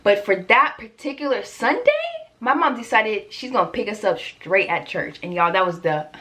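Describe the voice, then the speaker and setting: A young woman telling a story in a vlog, animated and chatty, addressing her viewers directly. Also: mid-range voice, moderate pace. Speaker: vlogger.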